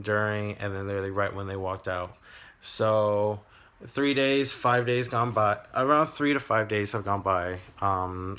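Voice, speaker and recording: Rambling young man with a bright voice. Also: lowish voice. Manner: halting, many fillers and restarts. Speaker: vlogger. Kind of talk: personal diary storytelling.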